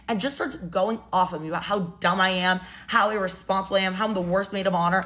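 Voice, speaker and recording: A woman's voice: mid-range voice, quick pace, fairly bright tone. Chatty exasperated young woman storyteller. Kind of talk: casual storytime monologue.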